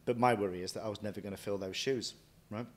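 Low-voiced man telling lively stories. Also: fast talker. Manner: lively anecdotal, quotes himself often. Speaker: chef and restaurant owner. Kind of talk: casual interview storytelling.

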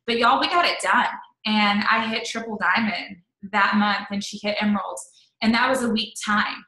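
Chatty thirtysomething woman telling her story, bright voice, lots of "like", echoey room. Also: medium pitch, normal speed. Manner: chatty, animated, full of "like" and quoted asides. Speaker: network marketing leader, interview guest. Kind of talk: personal storytelling in an interview.

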